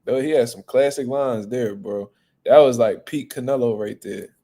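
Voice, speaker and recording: A man hosting a boxing talk show, chatting casually in a blunt, profane, animated way. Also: medium pitch, normal speed. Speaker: boxing podcast host. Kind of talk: casual chat.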